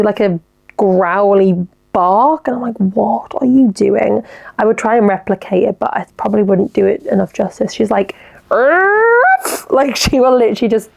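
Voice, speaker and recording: A woman's voice: medium pitch, fairly even intonation, moderate pace, gravelly, darkish tone. A young woman hosting a podcast alone, chatting casually and giggling as she reacts to listener messages. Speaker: podcast host. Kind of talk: casual solo podcast chat.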